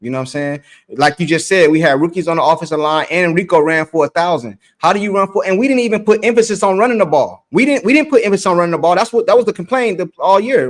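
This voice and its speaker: A man arguing his point on a casual sports show, rattling along at a fast clip. His voice sits a little high. He keeps tripping over his words, repeating and restarting, and defends his view with insistence. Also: expressive. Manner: halting, repeats and restarts phrases.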